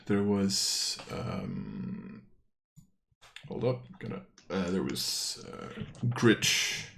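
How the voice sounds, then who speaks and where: A man speaks in a lowish voice, in character at a tabletop game. He talks slowly, with long pauses, and hesitates often, filling the gaps with small sounds as he searches for his words. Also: wildly swooping pitch, vocal fry, a bit bright. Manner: hesitant, halting with many fillers. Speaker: player. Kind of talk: in-character tabletop role-play.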